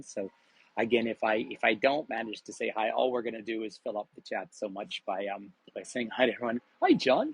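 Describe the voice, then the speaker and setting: A man's voice: medium pitch, breathy edge, rough recording. A middle-aged Canadian man hosting a live virtual walking tour outdoors, chatty and upbeat as he greets viewers by name. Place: outdoors on a hill above a harbour city.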